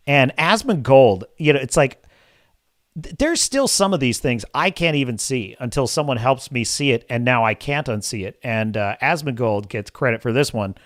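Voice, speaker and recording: A man hosts a live podcast, ranting in a crude, sarcastic, exasperated way. His mid-range voice is animated and moves at a moderate pace. The studio sound is clean, with no room sound.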